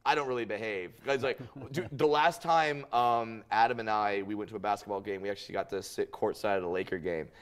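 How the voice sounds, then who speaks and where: A man who is a comedian, guesting on a local TV news show and telling lively stories in casual conversation. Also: brisk, few pauses, clear, resonant tone. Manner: animated storyteller who jumps into high voices for quotes. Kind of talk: casual interview storytelling.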